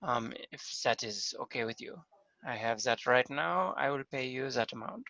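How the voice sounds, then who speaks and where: A man playing a tabletop game, chatty and joking, with a halting way of talking. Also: mid-range voice, expressive, vocal fry, bright, forceful tone, dry recording, lo-fi sound. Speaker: player. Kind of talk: casual tabletop game chat.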